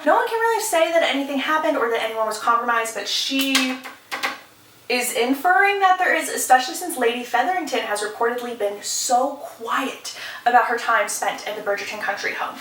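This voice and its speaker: A woman's voice: sits high, a bit bright, recorded from a distance, a little hiss or hum. Chatty woman recapping a book plot. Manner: chatty and opinionated. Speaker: book vlogger. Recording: echoey room, off-mic.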